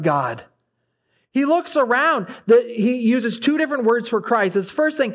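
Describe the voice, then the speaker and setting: Impassioned high-voiced male preacher. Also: very animated, unhurried, dull audio. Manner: impassioned, rising when reading scripture aloud. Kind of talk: sermon.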